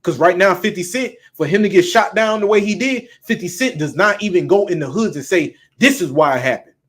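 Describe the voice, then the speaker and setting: A man's voice: high-pitched, a little fast. A man with a Southern US accent preaching bluntly and emphatically, with frequent profanity. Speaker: street preacher. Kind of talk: preaching talk.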